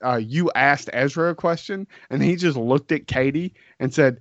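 A man chatting casually in a slow, halting, hesitant way. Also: medium pitch, no echo. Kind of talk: casual chat. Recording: dry, dull lo-fi sound.

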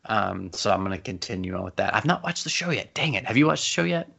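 Podcast co-host, male, casual rambler with self-deprecating jokes, gravelly and low. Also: sing-song, fast talker, fairly bright tone. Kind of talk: casual chat. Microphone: close microphone. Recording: slightly dull lo-fi podcast audio.

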